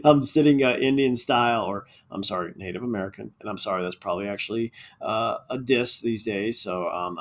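A man talking alone into a mic as a podcast host, earnest and worked up as he vents. His speech wanders through fillers and broken restarts. He sits on the floor of a child's bedroom, his voice at an ordinary middle pitch. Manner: earnest, venting and ranting; frequent fillers and trailing restarts. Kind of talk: casual solo monologue.

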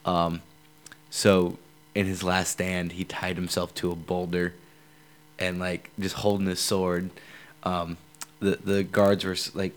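A man's voice: sits low, clear, resonant tone. A young man hosting a podcast, casually retelling a myth with many filler words. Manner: relaxed storytelling with frequent fillers. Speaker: podcast host. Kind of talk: casual chat.

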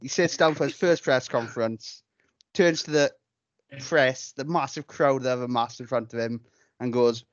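A man's voice: mid-range voice, normal speed, no room sound, dull audio. A man co-hosting a podcast, chatting casually and telling anecdotes with relish and freely swearing. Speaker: podcast co-host.

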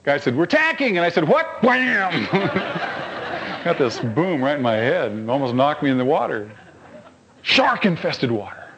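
A man preaching a sermon, telling stories and asking rhetorical questions of his congregation, swinging between high emphatic lines and low quiet asides. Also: sing-song, normal speed, noisy background. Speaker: pastor.

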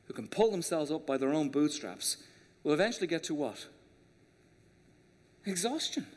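A man preaching a passionate sermon as pastor, swinging between quiet, low stretches and forceful emphasis. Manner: impassioned preaching, rising and dropping for emphasis. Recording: long reverb of a large hall.

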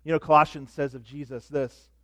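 A middle-aged man preaching a sermon as pastor, animated, dropping to soft asides. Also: a little high, fairly quick, dry recording.

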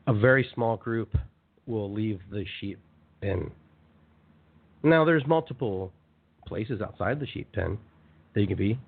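A man's voice: fairly low pitch, unhurried, gravelly, pauses often, breathy edge. Man talking over a tinny phone line. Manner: animated, conversational, repeats phrases for emphasis. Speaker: radio show host. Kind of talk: motivational spiritual monologue.

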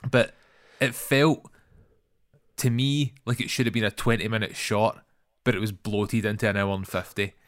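A man's voice: on the low side, level tone, moderate pace, fairly bright tone, smooth, no echo, clean studio sound. A Scottish man co-hosting a podcast, bluntly and animatedly criticizing a film in casual chat and swearing freely. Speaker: podcast co-host.

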